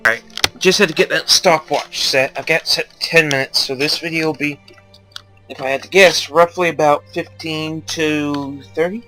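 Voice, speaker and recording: A man's voice: a little high, normal speed, pushed and bright, soft background music. A young man giving casual, rambling game commentary, joking and swearing freely. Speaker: gaming YouTuber.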